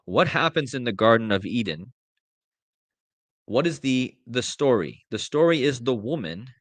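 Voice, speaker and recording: A man hosting a live commentary show, speaking slowly and emphatically, repeating himself and addressing his viewers directly. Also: medium pitch, fairly bright tone, no echo. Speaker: host. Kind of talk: live commentary reading lyrics aloud.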